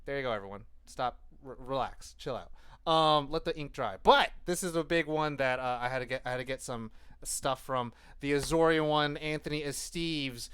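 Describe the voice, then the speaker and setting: A man co-hosting a casual nerd-culture podcast, talking in long animated rambles and swearing freely. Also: mid-range voice, normal speed, smooth, dry recording. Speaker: podcast co-host. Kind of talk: casual chat.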